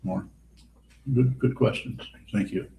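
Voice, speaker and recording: A man's voice: mid-range voice, slow pace, vocal fry, warm tone. A man giving a Buddhist dharma talk and answering questions in a blunt, wry, teasing way. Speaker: Buddhist teacher. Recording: roomy hall with faint background hiss.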